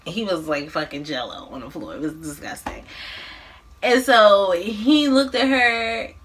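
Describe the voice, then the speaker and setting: A woman vlogger casually recapping a movie, with animated, slangy, profane storytelling. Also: mid-range voice, measured pace, slight background noise. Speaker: mukbang vlogger.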